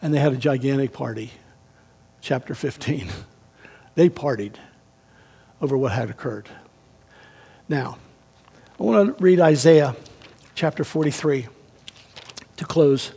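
A man preaching a sermon as pastor, emphatic and swinging between raised and hushed delivery. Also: medium pitch, a little slow, gravelly, long pauses, slightly rough.

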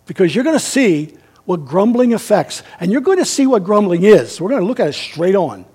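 A man preaching a sermon as pastor, emphatic and swinging between raised and hushed delivery. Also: high voice, very animated, fairly quick, breathy edge.

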